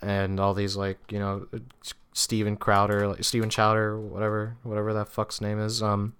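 A man's voice: fairly low pitch, completely flat delivery, moderate pace, fairly bright tone, smooth. A young man hosting a solo podcast, rambling casually with lots of swearing, restarts and fillers. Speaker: podcast host. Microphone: podcast microphone.

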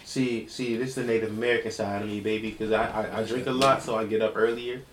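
A man co-hosting a casual podcast, joking loudly and repeating himself. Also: on the low side, steady tone, quick pace. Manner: loud joking, repeats words. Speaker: podcast co-host. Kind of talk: casual banter. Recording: echoey room with faint noise.

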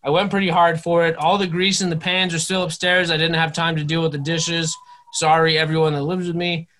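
A man's voice: a little high, little pitch movement, fairly quick, fairly bright tone, a little hiss or hum. A young man co-hosting a casual podcast, joking and swearing freely as he leads the chat. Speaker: podcast co-host.

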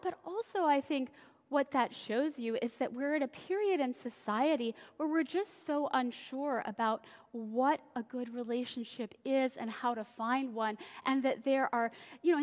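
Chatty woman pastor in a reverberant hall. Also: sits high. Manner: chatty, acts out voices in dialogue. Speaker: senior pastor. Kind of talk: conversational sermon. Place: church sanctuary.

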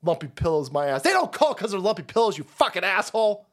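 A man putting on an impression of a furious middle-aged businessman, yelling and cursing in indignation. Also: sits high, big pitch swings, quick pace.

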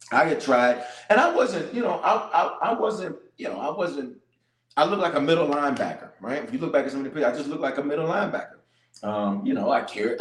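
A man's voice: mid-range voice, roomy sound, rough recording. A middle-aged man, a bishop, leading a live-streamed prayer and sermon, making declarations and calling on his listeners in a loose, colloquial way.

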